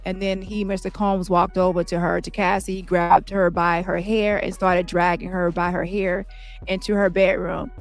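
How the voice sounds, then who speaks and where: A woman's voice: lowish voice, flat delivery, soft background music, close to an everyday voice. A woman reading a shaken male trial witness. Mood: recounting. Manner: plain, halting recounting.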